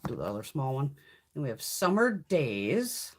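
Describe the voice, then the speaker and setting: Woman in her fifties, chatty beauty vlogger, lively voice, swears casually. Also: extremely low pitch, moderate pace, husky. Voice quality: chatty, swears freely, laughs often. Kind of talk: casual live-stream chat.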